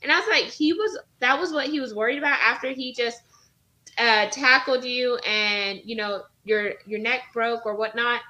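A woman guest on a casual web show, talking over a remote call. She has a bright, forward voice and tells her story loosely, quoting people with plenty of "like" and "or whatnot". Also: on the high side, moderate pace, poor audio. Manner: storytelling, quotes others with filler words. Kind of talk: casual chat.

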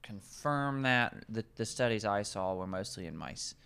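A man's voice: lowish voice, normal speed, gravelly, a bit bright, clear, resonant tone. A man, a nutrition coach, explaining herbs in casual podcast conversation, rambling and correcting himself as he goes.

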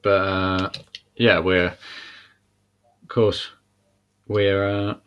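Male co-host, lowish voice, relaxed and giggly, lots of ums. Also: drawn-out words, clean tone, muffled recording. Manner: easygoing, laughs often, hesitant fillers. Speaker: podcast co-host. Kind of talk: casual chat.

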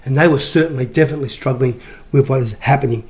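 A man preaching a sermon in an animated, emphatic way, often repeating his phrases for stress. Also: mid-range voice, fast.

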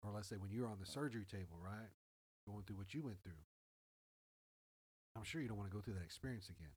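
A man's voice: lowish voice, fast talker, slightly rough, low-quality recording. A man telling a story in casual chat, swearing freely and acting out quoted dialogue. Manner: animated, profane, acts out quoted dialogue.

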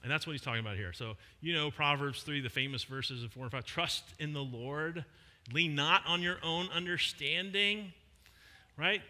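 A middle-aged male pastor preaching a sermon in a conversational way, with emphatic pauses on key words. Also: fairly high pitch, pushed and bright. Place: church hall. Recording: long hall reverb.

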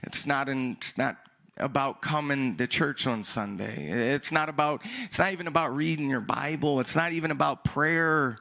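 A male pastor preaching a sermon in an animated way, repeating words and breaking into shouts. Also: medium pitch, moderate pace, vocal fry.

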